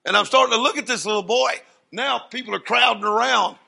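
A man preaching a sermon as a dramatic story, swinging from hushed asides to loud declarations. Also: very high-pitched, fairly quick, vocal fry, breathy edge.

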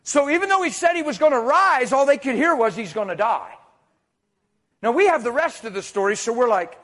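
A middle-aged man preaching a sermon, telling stories with hushed asides and loud bursts of emphasis. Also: high voice. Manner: storytelling, animated, swings between hushed asides and loud emphasis. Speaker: traveling preacher.

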